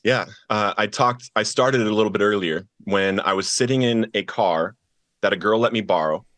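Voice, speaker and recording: A man's voice: lowish voice, moderate pace, fairly bright tone, no echo. A man as a podcast guest, earnestly telling his personal testimony and acting out the voices of the people in his story.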